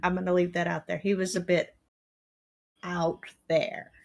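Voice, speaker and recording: A woman's voice: lowish voice, little pitch movement, measured pace, gravelly, a little hiss or hum. A woman with a light Texan Southern accent, hosting a casual chat and telling stories with wry humor and laughter. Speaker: host.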